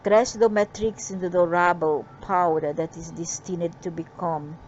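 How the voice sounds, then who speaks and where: A woman delivers channeled spiritual messages in a slow, drawn-out way, pitched a little low. She rambles and turns defiant and scolding. The recording is dull and lo-fi, with faint noise behind her. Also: fairly even intonation, darkish tone. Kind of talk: reading channeled messages with angry asides.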